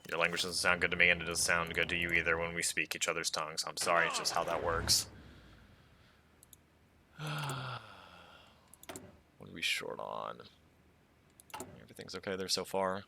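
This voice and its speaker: An American man casually commenting on a strategy game as he plays, thinking aloud in a relaxed, chatty way. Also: sits low, fast talker, creaky, slight background noise. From United States. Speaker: strategy game let's player.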